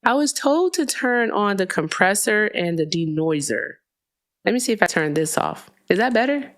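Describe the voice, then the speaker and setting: A woman's voice: mid-range voice, animated, normal speed. A woman hosting a live call-in stream, talking casually and chattily, swearing freely and often laughing, speaking into a headset mic. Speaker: livestream host. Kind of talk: casual livestream chat. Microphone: headphones with mic at a streaming desk.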